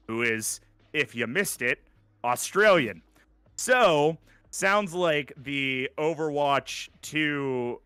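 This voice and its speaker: A man's voice: mid-range voice, pushed and bright, smooth, dry recording. A man co-hosting a gaming podcast, chatting casually and ranting with sarcastic opinions. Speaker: podcast co-host.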